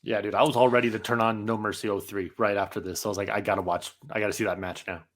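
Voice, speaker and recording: A man co-hosting a podcast, telling stories in an animated, profane way during casual chat. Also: on the low side, rapid-fire. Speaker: podcast co-host.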